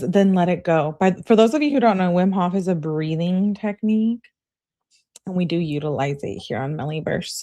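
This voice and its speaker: Brief: young woman, sarcastic true crime commentator, low-ish voice, unhurried delivery, swears casually. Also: darkish tone. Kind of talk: casual commentary reading out texts.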